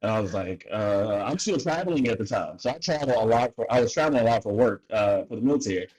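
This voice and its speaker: Man, farmer guest, from North Carolina, husky voice, animated storytelling. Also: on the low side, fast talker, rough recording. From North Carolina, USA. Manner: animated, acts out dialogue with laughs. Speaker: farmer and co-founder, podcast guest. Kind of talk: storytelling in casual interview.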